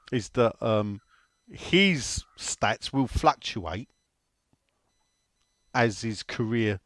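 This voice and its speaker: A man's voice: mid-range voice, a bit bright, no echo. A man co-hosting a casual football chat, teasing and answering listener questions. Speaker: podcast co-host.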